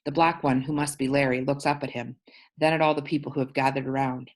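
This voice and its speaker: A woman teacher reading a novel aloud to her class, pausing to explain words. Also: very deep voice, steady tone.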